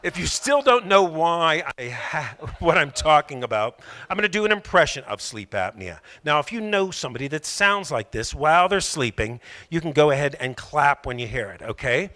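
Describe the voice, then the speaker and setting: A man doing a rambling, self-mocking stand-up comedy set on a club stage, often slipping into loud put-on voices. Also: on the high side, sing-song, moderate pace.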